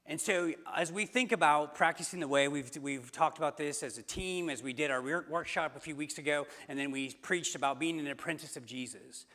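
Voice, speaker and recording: A man's voice: fairly high pitch, brisk, hardly any pauses, pushed and bright. A man preaching a sermon as pastor, telling a story in a conversational way with fillers and restarts. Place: church sanctuary. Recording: long church hall reverb.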